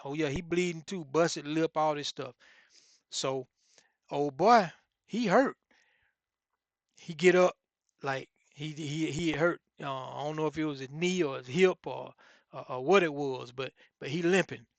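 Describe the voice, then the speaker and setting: A man's voice: fairly high pitch, a little slow, no echo. A man telling a story in a rambling, casual way, repeating himself with lots of fillers.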